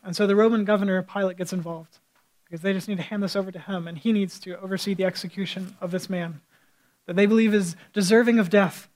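A man's voice: high-pitched, steady tone, fast, low-quality recording. A man preaching a sermon as a pastor, retelling scripture as vivid storytelling with quoted speech.

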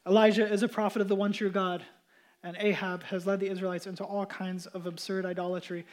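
A male pastor preaching to a mixed congregation of adults and children. He tells the story in a casual, conversational way and becomes animated at the big moments. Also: high voice, fast. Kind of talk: sermon.

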